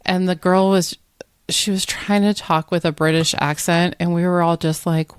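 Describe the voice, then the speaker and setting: A woman's voice: fairly low pitch, steady tone, moderate pace, clear, resonant tone, no echo, studio quality. A woman from Iowa co-hosting a podcast, chatting casually and mostly giving short agreeing replies. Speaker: podcast co-host. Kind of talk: casual chat.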